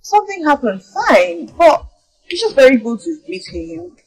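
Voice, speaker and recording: An actress with a Nigerian accent playing an outspoken young woman who pushes her friend and talks loudly and excitably. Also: high voice, normal speed, creaky, exaggerated voice. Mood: urgent. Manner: loud, excitable, pushy. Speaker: friend and flatmate.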